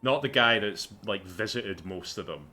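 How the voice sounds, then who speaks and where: A man's voice: on the low side, animated, normal speed, sharp tone. A man streaming a video game, chatting casually with sarcastic jokes and swearing. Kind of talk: casual gameplay commentary.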